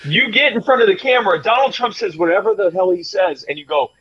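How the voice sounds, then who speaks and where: Man, high voice, bright tone, lively joking storyteller, casual chat. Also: fast talker, vocal fry, hardly any pauses, slightly rough, poor audio. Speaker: former vice presidential candidate.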